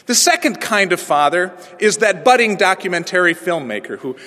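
A pastor in his forties preaching a sermon through a personal story, moving from hushed, quiet passages to ringing proclamation. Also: sits high, very animated, moderate pace. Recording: long reverb of a large hall.

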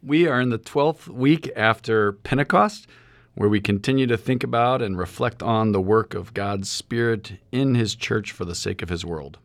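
A man's voice: fairly low pitch, moderate pace, no room sound. A middle-aged man from St. Louis, a seminary professor, thinking aloud with fillers while discussing sermon plans on a podcast. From St. Louis, USA.

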